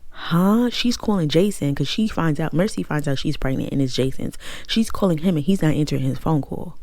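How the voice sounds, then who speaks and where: Gravelly, profane book reviewer gossiping. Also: mid-range voice, fairly quick, dry recording. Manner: animated, profane, talks straight to viewers. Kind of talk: casual gossipy plot recap.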